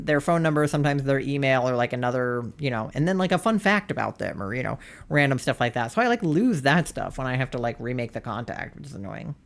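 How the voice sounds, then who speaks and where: A streamer chatting casually and earnestly, rambling and saying "like" constantly. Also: medium pitch. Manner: earnest and gushing. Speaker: livestreamer. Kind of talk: casual chat.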